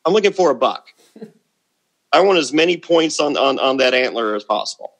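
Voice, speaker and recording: A man's voice: mid-range voice, expressive, fairly quick, a bit bright. A middle-aged man chatting as a podcast guest, blunt and boastful, often repeating words as he starts a thought. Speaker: podcast guest, former reality show contestant. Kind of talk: casual interview chat.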